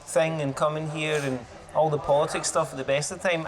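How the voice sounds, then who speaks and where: A man with a Scottish accent hosts a relaxed podcast conversation in a busy bar, his voice sitting on the higher side. He is chatty and laughs easily, and a clear hum of crowd chatter runs behind him. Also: brisk. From Ayr, Scotland. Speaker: podcast host. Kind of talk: casual conversation. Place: bar, live recording.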